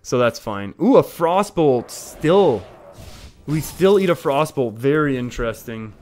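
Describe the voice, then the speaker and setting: A man's voice: medium pitch, very animated, a little slow, darkish tone, slight background noise. A man live-streaming a card game, talking through his plays in a chatty way and often laughing.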